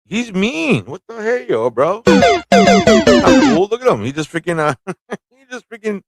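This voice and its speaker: A man hosting a live comic review stream, excitable, laughing and slangy as he reacts. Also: very high-pitched, unhurried, loud music behind the voice. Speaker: host.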